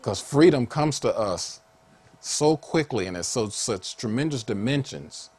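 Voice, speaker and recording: A man a sermon in an animated way, laughing often and rising to high excited calls. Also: unhurried, breathy edge. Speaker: preacher.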